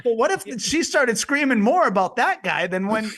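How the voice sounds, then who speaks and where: Guy with a high voice on a podcast, laughing and riffing goofy stuff. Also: big pitch swings, moderate pace, fairly bright tone. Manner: spins goofy what-if scenarios, laughing. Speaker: podcast co-host. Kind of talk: casual comedic chat.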